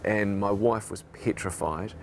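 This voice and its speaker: Gravelly low New Zealand man, reflective. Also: measured pace, slight background noise. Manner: reflective, emotional storytelling. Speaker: radio host. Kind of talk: documentary interview recollection.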